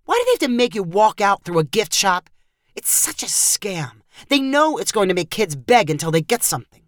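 A woman's voice: mid-range voice, big pitch swings, normal speed, no room sound, studio quality, close to an everyday voice. A woman reading aloud as a frustrated, thrifty father who snaps and grumbles. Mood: irritated. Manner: snappish, grumbling. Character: frustrated thrifty father, middle-aged man.

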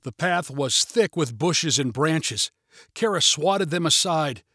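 A man narrating a children's adventure story in a measured, even reading. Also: fairly high pitch, dry recording, clean studio sound.

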